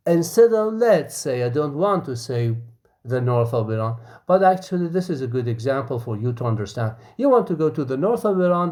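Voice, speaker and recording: A man's voice: a little high, warm tone. A man lecturing, explaining a conversation and checking in with "okay?" after nearly every point. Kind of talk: university lecture.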